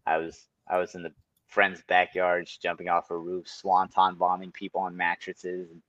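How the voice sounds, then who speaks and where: A man on a podcast, a kickboxer and Muay Thai coach, telling stories in a lively, animated way and swearing often. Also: sits low, normal speed, no echo, muffled recording. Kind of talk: casual podcast chat.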